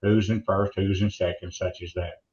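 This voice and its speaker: This older guest, a longtime monster truck announcer, spins jokes and stories in a folksy, rambling way, restarting often during the interview. He has a low, level, darkish voice at a moderate pace, heard over an echoey, muffled remote line with slight background noise.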